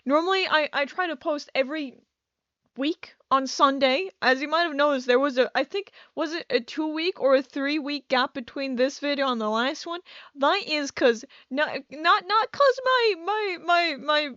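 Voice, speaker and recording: A woman's voice: sits high, normal speed, pushed and bright, no room sound, highs cut off. A young woman rambling through casual gameplay commentary, scatterbrained and self-mocking, with a headache. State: has a headache. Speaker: gaming YouTuber.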